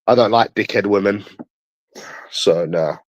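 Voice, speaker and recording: A man's voice: fairly low pitch, unhurried, no room sound, dull audio. A young man from London chatting on a livestream, crude, taunting and repeating himself as he answers viewers. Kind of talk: casual chat answering viewers.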